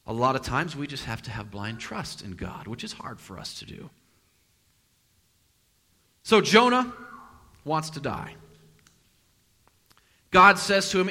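A male pastor preaches a sermon threaded with a personal story, acting out quotations through sudden loud outbursts and quiet asides. His somewhat high, bright voice swings widely in pitch, and he is very animated yet unhurried, pausing often. The long reverb of a large hall surrounds him.

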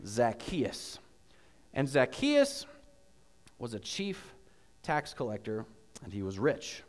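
A man preaching a sermon as pastor, telling a story with animated questions to the congregation. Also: mid-range voice, slow, long reverb tail. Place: church.

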